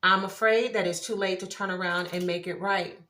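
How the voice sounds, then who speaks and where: Excitable woman reading tarot cards aloud. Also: lowish voice, fairly quick. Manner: excitable, exclaims at cards, laughs often. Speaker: tarot reader. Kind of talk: casual tarot reading to viewers.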